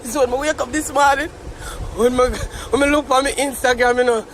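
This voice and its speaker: A man's voice: very high voice, fairly even intonation, a little fast, a bit bright, a little hiss or hum. A young Jamaican man ranting on a live stream, mock-tearful and theatrical. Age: young adult. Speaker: social media commentator.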